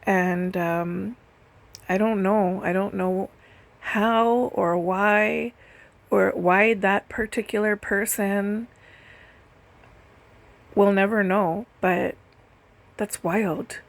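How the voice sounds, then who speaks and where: A woman's voice: mid-range voice, steady tone, extremely slow, gravelly, pauses often. A woman doing a casual storytelling voice-over, chatty and full of "like" and "literally". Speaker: nail and lash technician telling stories. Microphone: voice-over recorded separately.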